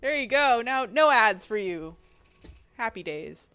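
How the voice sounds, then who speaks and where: A woman game streamer chatting casually with her viewers, reading chat and laughing often, with a fairly deep voice. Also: lively intonation, a little slow, bright, forceful tone, clean tone, no room sound. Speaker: game streamer and video editor.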